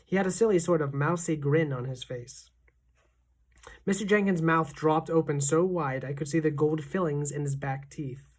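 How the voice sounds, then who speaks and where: A woman teacher reading a children's novel aloud in a steady, expressive narration. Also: sits low, normal speed.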